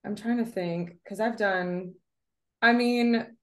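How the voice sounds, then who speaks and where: A young American actress chats casually as an interview guest, speaking slowly in a mid-range voice. She's chatty, uses lots of fillers, and laughs often.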